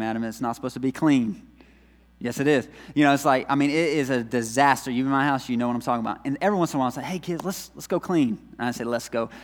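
A man preaching in a church, mid-pitched and easygoing, telling family stories before driving home his point with repeated phrases. His voice carries a long reverb from a large hall. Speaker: pastor. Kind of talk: sermon.

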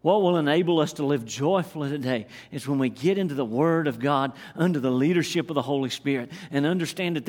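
A middle-aged preacher with a drawl and a high, bright-pitched voice, delivering a sermon from the pulpit. He drops to near whispers, then builds to shouted refrains, repeating key lines for emphasis. His voice carries a long reverb, as if filling a church sanctuary. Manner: dramatic swings from hushed to shouted, repetitive emphatic delivery. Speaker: pastor.

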